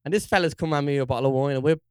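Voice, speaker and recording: A young man with a Dublin accent holds the floor on a casual podcast, his voice sitting a little high. The sound is dry and close to the mic. He swears freely and gets animated when he acts out the people in his story. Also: very fast, clean tone, no room sound. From Ireland. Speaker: podcast co-host.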